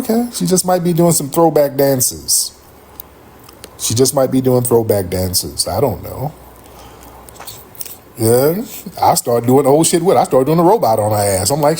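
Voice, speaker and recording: A middle-aged man hosting a livestream, telling a comic story in a rambling, profane, animated way. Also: medium pitch, moderate pace, slightly rough. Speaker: livestream host.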